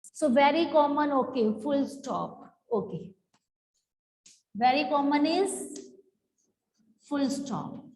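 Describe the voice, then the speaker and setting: Slow, high-voiced woman teacher. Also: expressive, a little mellow. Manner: slow, explanatory, drawn-out words. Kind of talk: online class teaching. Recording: echoey hall-like room.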